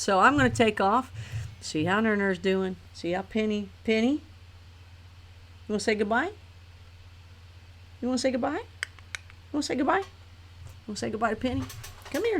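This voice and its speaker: A woman hosting a live stream, talking casually and rambling chattily with her viewers. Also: on the low side. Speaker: host of a live talk stream.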